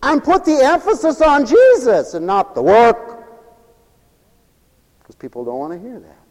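A man preaching a sermon, telling stories and acting out the lines of the people in them, dropping to a hush and then building to fervent cries. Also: extremely high pitch, big pitch swings, a little slow. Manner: storytelling with acted-out quoted dialogue, swinging from hushed to fervent cries. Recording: long echoey hall reverb.

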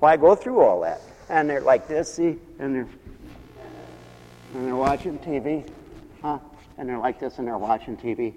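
A male pastor giving a lively sermon, acting out the voices of the people in his stories and laughing often. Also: medium pitch, normal speed, long pauses, a little hiss or hum. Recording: long reverb of a hall.

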